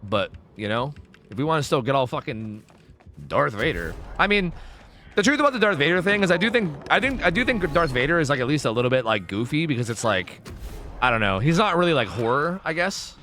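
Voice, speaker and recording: A man's voice: on the high side, animated, brisk, pushed and bright, a little hiss or hum. A man streaming a game live, rambling and swearing casually as he answers viewers' questions. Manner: rambling, profane, chatty, answering chat questions.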